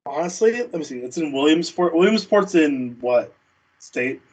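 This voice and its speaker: A man's voice: on the high side, expressive, normal speed, a little mellow, poor audio. A man co-hosting a casual baseball watch-party stream, laid-back, laughing easily and trailing off. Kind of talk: casual chat.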